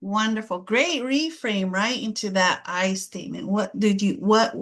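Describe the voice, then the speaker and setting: A woman's voice: medium pitch, measured pace, fairly bright tone. A woman facilitating a parenting class, leading the group with encouraging, upbeat praise.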